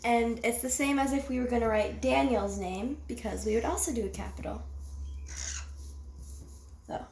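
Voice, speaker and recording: A young girl leading a kids' writing lesson, sounding out each word slowly and carefully. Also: on the high side, creaky, a little mellow. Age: child. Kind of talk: classroom writing lesson for kids. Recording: echoey room, faint noise.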